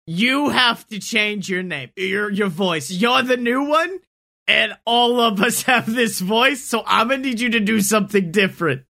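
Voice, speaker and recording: A man playing a comedic tabletop game, crude and excitable, laughing often. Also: high-pitched, unhurried, gravelly. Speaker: player. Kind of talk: casual comedic tabletop play.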